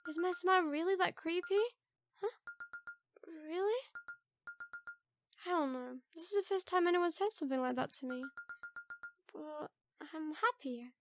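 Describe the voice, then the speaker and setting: A woman reads a visual novel aloud in a very high voice, playing a soft-spoken young female murder suspect. Her delivery is quiet, hesitant, gentle and eerie.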